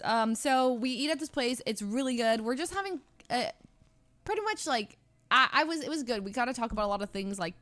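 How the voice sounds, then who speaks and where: A woman's voice: fairly high pitch, dry recording. Chatty young woman streamer rambling. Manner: rambling, many fillers and restarts; lively, laughs often. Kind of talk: casual story-telling to stream chat.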